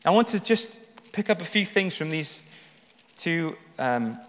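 A man preaching a sermon, reading psalms aloud and speaking emphatically, lifting his voice with passion at the high points. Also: expressive, measured pace, fairly bright tone. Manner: emphatic, rising with passion when voicing the psalmist. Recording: long hall reverb.

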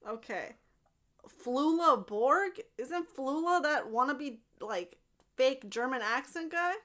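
A woman's voice: high-pitched, expressive, takes it slowly, pushed and bright. A young woman in casual chat, giggling and stumbling as she reads out names. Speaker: co-host.

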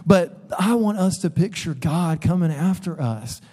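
Man, pastor, sermon, relaxed dark tone, emphatic storytelling. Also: high-pitched, unhurried, breathy edge. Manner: storytelling with laughs and bursts of emphasis. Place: church sanctuary.

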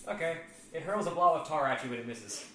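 A man's voice: fairly high pitch, expressive, pushed and bright. Man running a tabletop game. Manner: measured, calls out rolls and rules. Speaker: game master. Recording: echoey room, distant mic, background noise.

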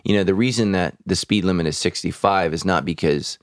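A very deep-voiced man talks as a pastor on a podcast, answering questions in a loose, conversational way. He is frank, slips in wry jokes and often restarts his sentences. The sound is close and dry. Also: fairly quick, no echo. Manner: frank, joking asides, many restarts. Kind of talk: casual podcast Q&A.

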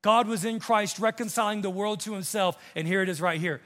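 A pastor around fifty preaching a sermon in a church sanctuary, impassioned, swinging from hushed to shouting and acting out the voices of others. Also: male voice, sits high, a little fast, few pauses, big-room sound. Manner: acts out quoted voices of others.

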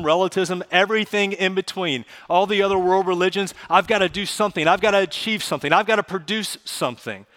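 A man preaching a sermon as pastor, earnest and pleading, slowing down for emphasis. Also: high-pitched, a bit bright. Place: church sanctuary. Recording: long church hall reverb.

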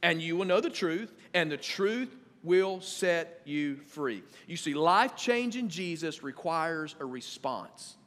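A man in his thirties preaching a sermon as pastor, conversational and animated, swinging between loud and quiet. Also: on the high side, takes it slowly, hardly any pauses. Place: church sanctuary. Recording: long reverb of a church hall.

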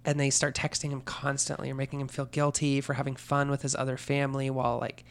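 A man with a gravelly, fry-heavy voice tells a story in loose, casual chat. He slips into the quoted lines and swears freely as he goes. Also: mid-range voice, completely flat delivery, fast. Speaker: podcast co-host telling a story.

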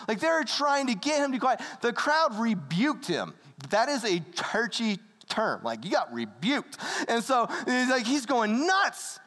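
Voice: medium pitch, sing-song, unhurried, fairly bright tone. A preacher giving a sermon in a casual, conversational storytelling manner, acting out quoted voices. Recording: long hall reverb.

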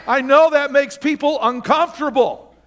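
A man's voice: very high voice, normal speed, a bit bright. A male pastor preaching a sermon in church, speaking emphatically and questioning the congregation directly. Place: church sanctuary.

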